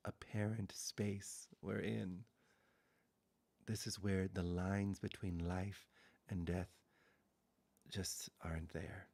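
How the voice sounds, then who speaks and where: A man giving a spiritual satsang talk, speaking softly and slowly, often half-whispered, with long pauses. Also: on the low side, vocal fry, husky. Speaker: spiritual teacher.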